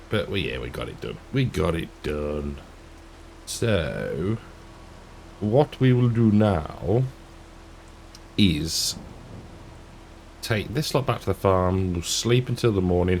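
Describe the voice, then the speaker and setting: A man's voice: sits low, slight background noise. A man giving casual, rambling commentary while playing a farming game, often chuckling to himself. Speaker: gaming YouTuber.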